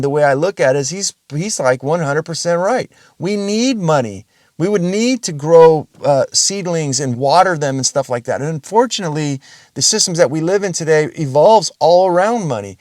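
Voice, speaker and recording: A rambling, blunt male podcast host who swears freely as he talks on his own. His voice sits a little high for a man, and it is recorded close and dry with no room sound. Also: dry recording. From Russian family background. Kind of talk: casual solo podcast monologue.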